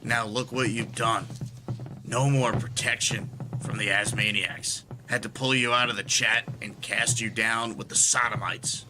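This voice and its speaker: Casting: a man voicing a threatening jailer with a slow, drawling menace, loud music behind him. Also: mid-range voice, fairly even intonation, close to an everyday voice. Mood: menacing. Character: menacing male jailer banishing a chat troll. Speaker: recorded bit played on the show.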